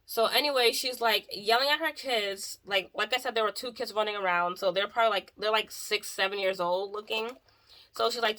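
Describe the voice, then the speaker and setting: In a casual storytime vlog, a mobile hairstylist recounts a client story in an exasperated, chatty way, saying "like" constantly. Her voice is medium-pitched, fairly quick, and sharp in tone.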